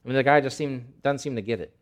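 A male pastor gives a sermon in a chatty, animated way. He sits at a middle pitch and leans on repeated phrases. He drops into a softer voice for key points. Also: quick pace. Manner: animated, conversational preaching with emphatic repetition.

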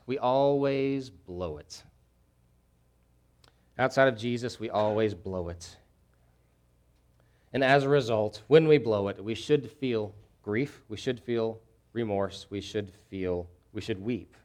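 A man preaching a sermon, swinging from hushed, grave lows to loud, fervent emphasis and repeating key phrases. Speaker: pastor.

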